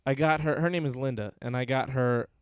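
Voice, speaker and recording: Smooth-voiced Southern man, chatty podcast host. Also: medium pitch, a little fast, no room sound. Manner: animated storyteller, laughing often. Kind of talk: casual podcast chat on a live stream.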